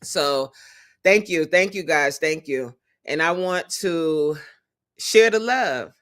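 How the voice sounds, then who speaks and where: A fitness coach hosting a casual livestream, animated and openly emotional, laughing often and greeting viewers in the chat by name. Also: mid-range voice, slow.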